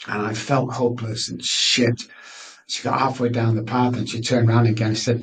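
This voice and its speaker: A man's voice: medium pitch, little pitch movement, normal speed, distant mic, a little hiss or hum, poor audio. Candid middle-aged man. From Manchester, England. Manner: earnest, candid, frequent restarts. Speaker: guest. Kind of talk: personal storytelling interview.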